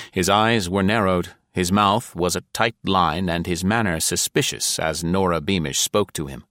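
A man narrating an audiobook in a measured, even storytelling manner. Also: low voice, dry recording, clean studio sound.

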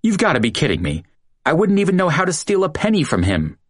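A man's voice: sits high, huge pitch swings, measured pace, breathy edge, no echo, studio quality, pitched above the performer's own voice, exaggerated voice. A man voicing a panicked young man who pleads tearfully while sobbing.

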